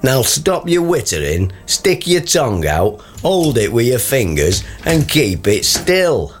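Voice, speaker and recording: An actor playing a dry-witted, gruff father in a radio comedy. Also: mid-range voice, sing-song, slow, soft background music. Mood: exasperated. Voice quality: dry sarcastic wit. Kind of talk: radio comedy drama acting.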